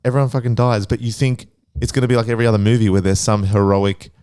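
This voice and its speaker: Low-voiced, excitable, sweary man. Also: fast talker, clear, resonant tone. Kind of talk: casual podcast chat.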